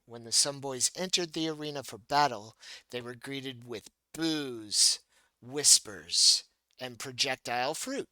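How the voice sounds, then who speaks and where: A man's voice: mid-range voice, a little slow, sharp tone, dry recording. A man running a tabletop game as game master, narrating scenes playfully with laughs and restarts.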